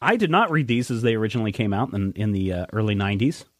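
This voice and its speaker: A man's voice: lowish voice, expressive, quick pace, dry recording, clean studio sound. A man hosting a podcast, talking enthusiastically about comics in a casual, rambling way. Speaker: podcast host.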